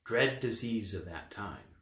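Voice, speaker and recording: A man telling a Bible story to children in a lively, conversational way. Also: on the low side, takes it slowly. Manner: lively, conversational, with acted voices. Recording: echoey room.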